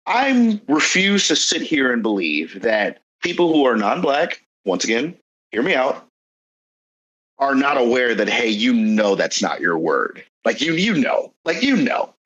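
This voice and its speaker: A young adult man hosts a casual podcast. His pitch swings widely and expressively, and he speaks in an earnest, emphatic way, often repeating phrases to drive home a point. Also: sing-song, a little slow, fairly bright tone, breathy edge, highs cut off. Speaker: podcast host.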